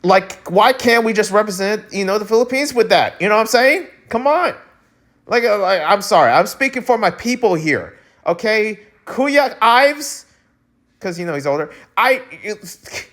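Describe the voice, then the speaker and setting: A man's voice: high voice, big pitch swings, measured pace, fairly bright tone. A Filipino-American man from the United States ranting animatedly as he hosts a breakdancing news vlog, often restarting sentences and throwing in exclamations. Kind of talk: casual ranting commentary.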